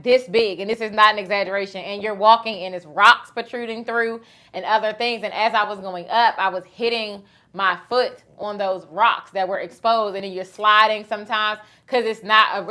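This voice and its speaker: A woman in her thirties hosting a casual chat, telling a story in an animated, teasing way. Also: mid-range voice. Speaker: host.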